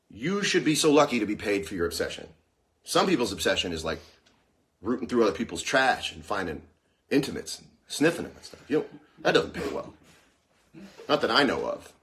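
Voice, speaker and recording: A man hosting a casual livestream, rambling and joking through a monologue with a sore mouth. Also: mid-range voice. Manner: rambling, jokey and animated. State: sore mouth after dental problem. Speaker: host. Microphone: phone.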